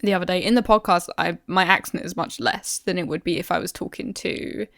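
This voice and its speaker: A woman with an East London accent, a podcast co-host chatting casually and softly, laughing often. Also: lowish voice, fairly quick, gravelly, no echo, clean studio sound. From England. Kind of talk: casual chat.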